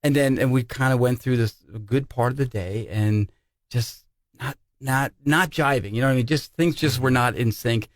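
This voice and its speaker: A man with a mid-pitched voice chats on a podcast. He tells anecdotes and acts out who said what. The recording is dry and close. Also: normal speed, no echo. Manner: tells anecdotes with acted-out dialogue. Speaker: podcast co-host. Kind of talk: casual chat.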